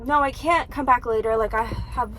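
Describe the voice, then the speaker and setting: A young woman in her twenties chats into her phone for a vlog, her voice sitting a little high. She rambles and acts out little quoted exchanges, packing every sentence with "like". Plenty of background noise comes through around her. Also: moderate pace. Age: 20s. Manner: chatty, lots of "like", acts out quotes. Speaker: vlogger. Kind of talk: casual vlog chat.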